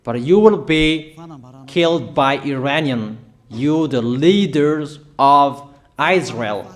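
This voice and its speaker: A man's voice: on the high side, expressive, slow. A man preaching a sermon of prophetic declarations, emphatic and repetitive in a declamatory way.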